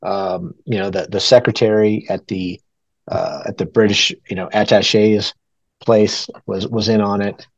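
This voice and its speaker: A man's voice: lowish voice, fairly even intonation, a little slow, gravelly, no room sound, lo-fi sound. A man from New Mexico co-hosting a podcast in casual chat. He rambles and hedges, with frequent chuckles. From New Mexico, USA. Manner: rambling and hedging, chuckling often. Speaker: podcast co-host.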